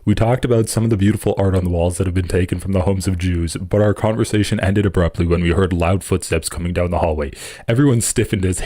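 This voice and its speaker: A man hosting a live political stream, reading an article aloud and breaking off into profane, animated reactions. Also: low voice, dry recording, studio quality.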